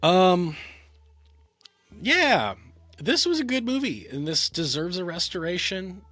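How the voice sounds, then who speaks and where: A man's voice: sits high, sing-song, takes it slowly, a bit bright, no echo, faint music behind. A man giving a casual talking-head film review, rambling, with many fillers and restarts.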